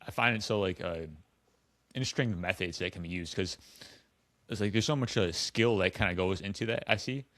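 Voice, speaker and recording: A man's voice: deep voice, a little fast, a bit bright, dry recording. A man hosting a podcast interview, speaking casually and hesitantly with many fillers. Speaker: podcast host.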